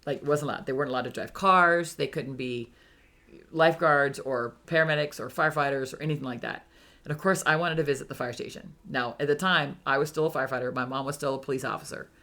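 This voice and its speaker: An older woman, a retired firefighter, telling travel stories in a casual interview and acting out the voices of people she met. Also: extremely low pitch. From Hawaii, United States. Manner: animated, acts out quoted voices. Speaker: interview guest. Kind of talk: casual storytelling.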